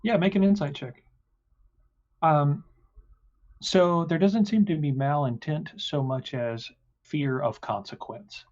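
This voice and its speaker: A man narrating a tabletop game as game master, pausing often with fillers. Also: on the high side, a little mellow. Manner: halting, many fillers. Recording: dull lo-fi sound.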